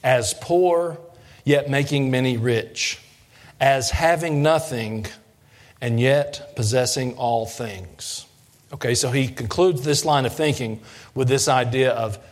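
A man preaching a sermon, folksy and questioning the congregation, building up in intensity. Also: slow pace. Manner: folksy, asks the congregation questions, rises in pitch and force when preaching. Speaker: pastor.

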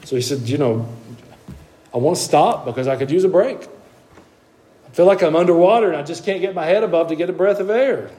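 A man preaching a sermon, moving between hushed asides and emphatic, high-pitched exclamations. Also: animated, a little fast, pauses often.

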